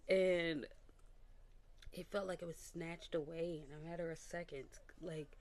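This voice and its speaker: Low-voiced woman sharing a candid testimony. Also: fairly even intonation, normal speed, a little mellow. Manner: emotional, confiding, repetitive. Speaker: vlogger.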